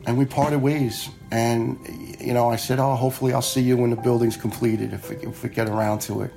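A man's voice: mid-range voice, flat delivery, brisk, gravelly, over music. A man, a retired fire lieutenant telling personal stories in a blunt, frank way, swearing freely and acting out the dialogue he quotes. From New York area. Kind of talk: casual personal storytelling.

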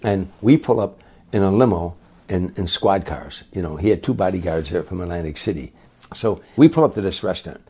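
An older man, a comedian and guest, telling a long anecdote in a lively way, acting out the voices of the people in it. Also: low-pitched, brisk, slightly rough. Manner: lively storyteller who acts out other people's voices. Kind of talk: anecdotal storytelling.

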